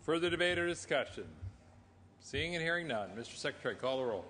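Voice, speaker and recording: A man chairing a legislative floor session, his slightly higher voice carrying through a big reverberant chamber. He moves through rulings and calls for debate in brisk, routine formulas. A faint hum of room sound sits underneath him. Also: expressive, pushed and bright. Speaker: presiding officer of a state senate. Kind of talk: formal parliamentary procedure. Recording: chamber broadcast with long reverb.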